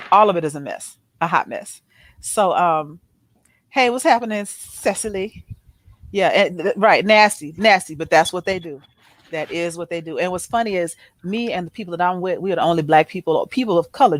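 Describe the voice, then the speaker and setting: A woman's voice: lowish voice, normal speed, no room sound. A woman hosting a show, telling a story in a casual chat style and acting out the people in it with changed voices. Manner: animated, acts out quoted people in changed voices. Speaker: host.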